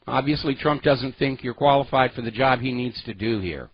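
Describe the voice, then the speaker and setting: A man's voice: medium pitch, fairly quick, hardly any pauses, no room sound, highs cut off. A man hosting a political talk radio show, delivering an opinionated, sarcastic monologue with heavy emphasis.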